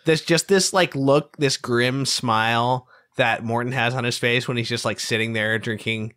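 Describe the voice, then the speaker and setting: A man's voice: mid-range voice, fairly even intonation, moderate pace, fairly bright tone, clear, resonant tone. A man co-hosting a podcast, chatting casually about a film, rambling with lots of "like" and "um". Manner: rambling, loose, many "like" and "um" fillers. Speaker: podcast co-host.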